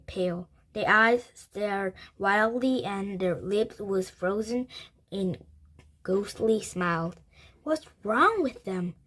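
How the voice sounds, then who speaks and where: A woman reading a children's chapter book aloud, slowly and carefully, with slips she corrects. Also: mid-range voice.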